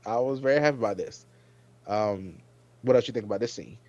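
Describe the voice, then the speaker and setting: A man's voice: lowish voice, fairly quick, no room sound, dull audio. Rambling man reviewing a TV episode. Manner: rambling, animated when quoting his own reactions. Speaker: podcast host. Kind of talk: casual TV episode review chat.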